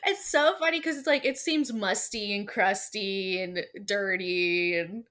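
A woman's voice: mid-range voice, unhurried, a bit bright. A woman co-hosting a podcast in casual chat, reacting to a recap with quips and gasps. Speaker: podcast co-host.

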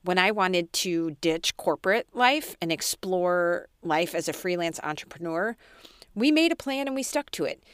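Woman podcaster, kinda low voice, dry close sound, chatty and self-deprecating. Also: animated, moderate pace, clean tone, no room sound. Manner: candid, self-deprecating, talks to listeners directly. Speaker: podcast host. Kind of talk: personal storytelling podcast.

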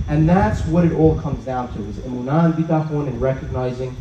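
A man giving an inspirational talk at an outdoor evening gathering, telling stories in an animated way and acting out the dialogue. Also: on the high side, brisk, background noise. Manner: animated storyteller who acts out quoted dialogue. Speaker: speaker at a religious event. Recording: roomy, dull sound from a distance.

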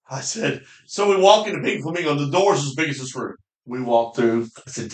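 Animated man telling stories in an echoey room. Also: medium pitch, fairly quick, hardly any pauses. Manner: animated storyteller, acts out whoops and quotes with laughter. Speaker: podcast host. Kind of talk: casual storytelling chat.

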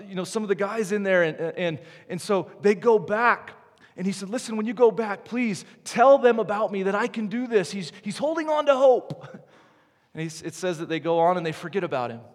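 Pastor guy preaching, kinda high voice, big hall echo, gets loud then drops real quiet. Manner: animated, swings between loud emphasis and hushed drops. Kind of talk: sermon. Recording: long hall reverb.

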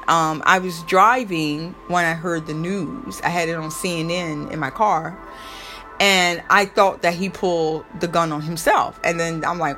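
A woman's voice: on the low side, a bit bright. A young woman talking casually and emotionally, rambling with many fillers and restarts. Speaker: host. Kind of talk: casual personal talk.

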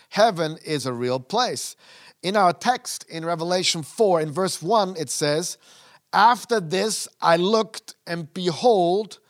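A man preaching a sermon, earnest and emphatic but conversational. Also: on the high side.

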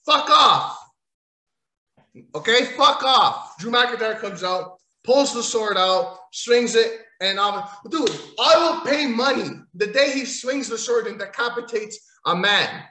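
A man's voice: high-pitched, measured pace, few pauses, echoey room. Brash profane man ranting about wrestling. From Italian heritage. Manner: rambling, crude, mocking, bursts into shouting. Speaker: wrestling commentator. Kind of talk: profane casual wrestling recap.

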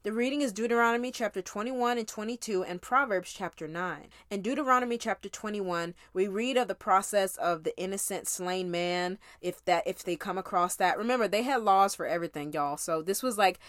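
A woman's voice: medium pitch, a little fast, no echo, studio quality. Conversational woman teaching a Bible recap. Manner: conversational and emphatic, addresses listeners as y'all. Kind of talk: casual Bible reading recap.

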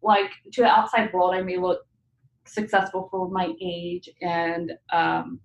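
A woman's voice: on the low side, steady tone, measured pace. A woman guest in a casual conversation, talking in an earnest, emphatic, confessional way. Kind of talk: casual chat. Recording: echoey room.

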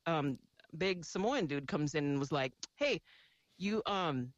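A woman's voice: sits low, animated, a little slow, no echo, lo-fi sound. A woman radio DJ chatting casually in an interview, laughing often and mimicking voices as she tells stories. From San Francisco Bay Area.

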